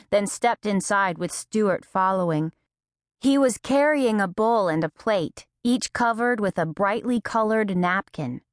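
A woman narrating an audiobook in a measured, reflective first-person voice. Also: medium pitch, no echo, studio quality.

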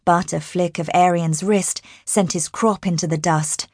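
A woman narrating an audiobook in a measured, even manner. Her voice sits a little low and she reads unhurriedly, in a dry, close recording. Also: no room sound. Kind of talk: scripted narration.

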